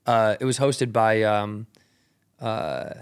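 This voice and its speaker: Speaking slowly in a lowish, clean-toned voice, a male comedian on a podcast tells a lengthy tale into a studio microphone. His talk is casual and full of slang, cursing, and frequent "like" and "rad."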